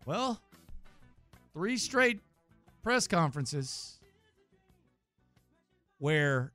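A man hosting a sports radio show, animated and mock-serious, a self-described high-strung talker. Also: extremely slow, no room sound, soft background music. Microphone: studio microphone.

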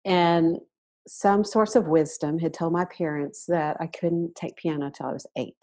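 A woman's voice: low voice, unhurried. Sixty-year-old woman with a Southern accent. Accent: Arkansas Southern US. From Arkansas, USA. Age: 60s. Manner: relaxed, reflective storytelling. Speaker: guest voice teacher. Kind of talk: casual podcast interview.

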